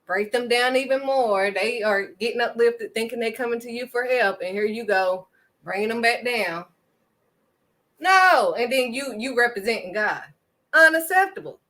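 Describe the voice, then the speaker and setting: Woman, faith vlogger, forceful bright tone, slightly high, preachy and emphatic. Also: moderate pace. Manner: emphatic, preachy, punctuates points with "period". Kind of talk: impassioned faith talk.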